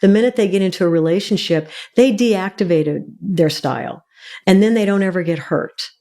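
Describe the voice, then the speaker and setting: A woman's voice: medium pitch, moderate pace, dark tone. A woman therapist, a guest on an interview show, explaining emphatically and like a teacher, often checking in with "all right".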